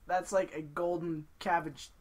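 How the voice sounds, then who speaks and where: A woman's voice: fairly low pitch, fairly even intonation, unhurried, a crowd in the background. A woman co-hosting a podcast in casual chat, teasing her friends and laughing a lot. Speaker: podcast co-host.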